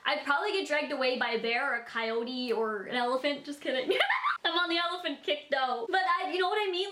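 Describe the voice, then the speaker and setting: A woman's voice: high-pitched, lively intonation, fast, sharp tone, a little hiss or hum. A Canadian woman in her twenties chatting casually while she answers viewer questions, giggling and using lots of fillers. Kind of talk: casual Q&A vlog. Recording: echoey room.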